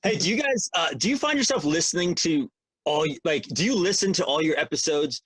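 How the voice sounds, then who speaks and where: Raspy guy rambling on a podcast, voice jumping all over, real dry sound. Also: fairly high pitch, a little fast, no echo. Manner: rambling, joking, animated. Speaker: podcast co-host. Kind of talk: casual podcast chat.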